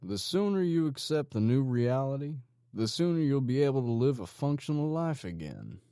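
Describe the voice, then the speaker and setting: A calm, menacing gang leader talks in a slow, coaxing way, as a male narrator voices him. The voice sits higher than the narrator's deep natural tone and keeps a lively lilt. The recording is dry and close. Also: smooth, no echo. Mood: calm menace.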